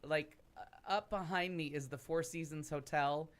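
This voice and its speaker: A man with a fairly high pitch and a steady tone speaks at normal speed. He's a talk-show podcast cast member whose long travel story unfolds as casual, rambling chat with many asides.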